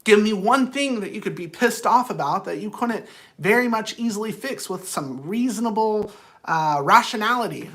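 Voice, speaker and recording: A man's voice: high voice, lively intonation, normal speed, fairly bright tone. A man who counsels people, talking straight to viewers in a casual, rambling motivational monologue, earnest and blunt.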